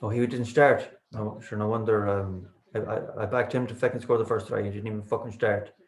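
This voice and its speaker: A man's voice: on the low side, steady tone, a little fast. A man who co-hosts a podcast, speaking bluntly and swearing in casual live chat. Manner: blunt, swears, shouts short exclamations. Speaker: podcast co-host. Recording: roomy echo.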